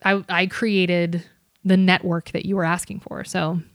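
A woman telling bartending stories as a guest in a casual podcast chat, animated, with quick asides. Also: lowish voice, no room sound, clean studio sound. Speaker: podcast guest, bartender and comedy club server.

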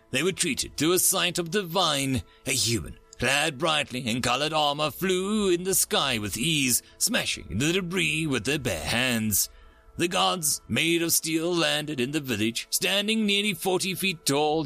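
Gravelly, animated male storyteller. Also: a little high. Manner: dramatic, varied emphasis. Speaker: narrator. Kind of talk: dramatic story narration.

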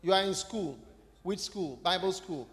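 A man's voice: high voice, measured pace, fairly bright tone. A man preaching a sermon, talking conversationally and putting questions directly to the congregation in a church hall.

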